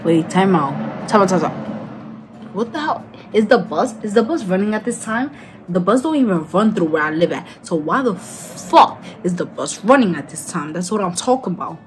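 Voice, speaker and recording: Her mid-range voice is expressive and moves at a moderate pace over slight background noise. Tipsy and young, this beauty vlogger wanders from topic to topic and curses for fun as she talks through her makeup tutorial.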